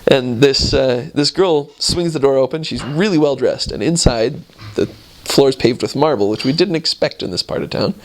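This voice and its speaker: A man casually telling a story, animated and laughing often as he goes. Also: mid-range voice, normal speed, low-quality recording.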